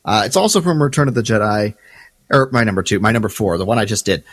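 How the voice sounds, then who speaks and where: A man's voice: fairly low pitch, fast talker, dry recording. A man co-hosting a podcast, chatting casually in a wry way and correcting himself as he goes. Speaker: podcast co-host.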